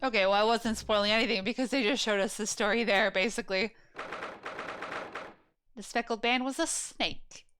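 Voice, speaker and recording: A woman's voice: on the high side, moderate pace, long pauses. A woman hosting a let's play, chatting casually and reacting aloud as she plays. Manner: chatty, reacts out loud, reads lines aloud. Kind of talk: casual gameplay commentary.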